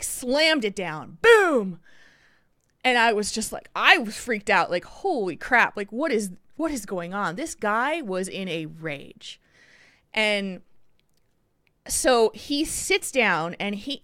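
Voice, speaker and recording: A woman podcast co-host telling a story in casual chat, animated and acting out the people in it. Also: mid-range voice, dry recording, clean studio sound.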